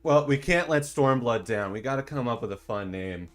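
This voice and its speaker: A man hosting a casual livestream in a laid-back, slangy way that turns excited at times. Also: mid-range voice, normal speed. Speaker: streamer and dungeon designer.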